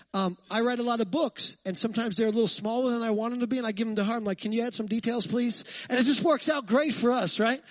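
A man pastor preaching a lively, conversational sermon, full of jokes and asides to the congregation. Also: sits high, no room sound.

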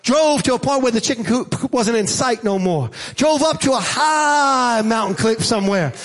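A male pastor delivering a sermon with emphatic, rhythmic preaching. His voice sits very high for a man. He keeps calling out to the congregation to answer back. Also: animated, normal speed.

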